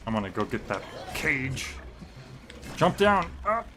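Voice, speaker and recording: A man's voice: mid-range voice, sing-song, a little slow, noisy background. A man giving casual gameplay commentary on a stream, joking and reacting to chat as he plays. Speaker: game streamer.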